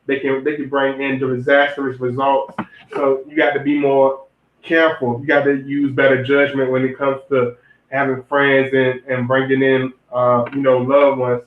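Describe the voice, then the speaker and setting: A young man is hosting a livestream, talking right to his chat as he gives rambling relationship advice based on the zodiac. His mid-range voice stays monotone at a normal speed, and he keeps repeating and restarting phrases. The audio is roomy and lo-fi, like it came through a phone.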